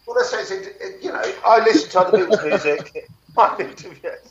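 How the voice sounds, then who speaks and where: A man's voice: sits high, a little fast, a crowd in the background. A British man, a singer-songwriter guest, chatting casually and laughing at himself. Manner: chatty, laughing, self-mocking. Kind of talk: casual chat. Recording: roomy, dull lo-fi sound.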